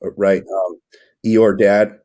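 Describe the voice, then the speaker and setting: A man's voice: on the low side, level tone, drawn-out words, dark tone. A young man coaching fathers as a podcast guest, talking emphatically and preachily. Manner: emphatic, preachy, acts out scenes. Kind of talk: motivational interview talk.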